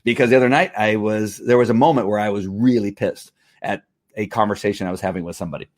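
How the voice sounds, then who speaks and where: A man's voice: lowish voice, fast, dry recording, studio quality. A man in his fifties talking candidly on a casual livestream as host, rambling with many fillers and restarts. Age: 50s.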